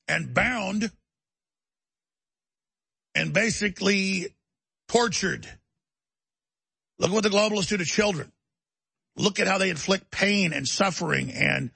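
A man's voice: fairly high pitch, vocal fry, pushed and bright, breathy edge, dry recording. A man hosting a talk show, delivering a heated, emphatic ranting monologue.

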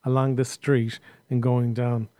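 A man's voice: mid-range voice, level tone, a little slow, warm tone, no room sound. A man hosting a casual film review chat, speaking conversationally and asking his co-hosts for their scores. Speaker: film review podcast host.

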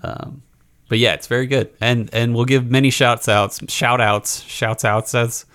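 A man's voice: medium pitch, steady tone, a little slow, fairly bright tone, clear, resonant tone. A man co-hosting a casual podcast chat, talking in a laid-back, jokey way. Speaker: podcast co-host.

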